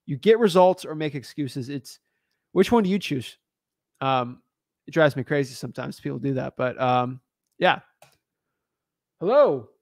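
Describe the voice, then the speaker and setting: A man's voice: mid-range voice, lively intonation, unhurried, gravelly, pauses often, dry recording, studio quality. A man hosting a live stream, talking bluntly and emphatically in a slangy, casual way and taking callers. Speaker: host.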